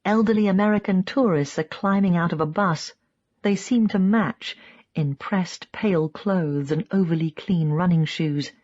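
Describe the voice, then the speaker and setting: A woman's voice: moderate pace, a little mellow, dull audio. Woman reading an audiobook in first person. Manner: reads in first person, voicing quoted speakers with raised pitch. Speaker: audiobook narrator. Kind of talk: scripted narration.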